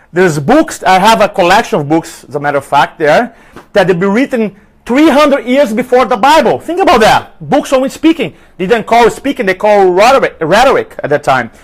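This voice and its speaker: A man teaching public speaking on a live stream, energetic and emphatic, repeating key lines for his audience to write down. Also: sits high.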